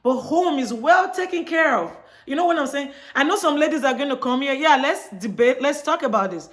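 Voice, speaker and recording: A woman from Chicago talking straight to her viewers in a casual monologue, telling a story and acting out both sides of the conversation. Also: sits high. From Chicago, United States. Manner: chatty storytelling, acts out dialogue. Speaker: vlogger.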